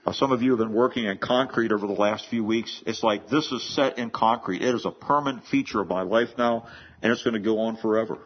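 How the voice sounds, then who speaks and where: A man's voice: medium pitch, steady tone, moderate pace, breathy edge, muffled recording. A man preaching a sermon in an earnest way, often repeating words as he builds a point. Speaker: pastor.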